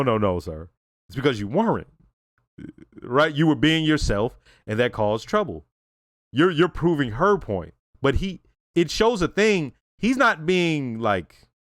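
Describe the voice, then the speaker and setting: Animated, profane man reviewing a TV episode. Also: medium pitch, dry recording, studio quality. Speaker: reaction video host.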